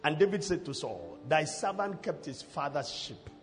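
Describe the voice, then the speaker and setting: A man preaching a sermon, shouting out prayers and reading scripture aloud with great force. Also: on the high side, big pitch swings, normal speed, in a large hall.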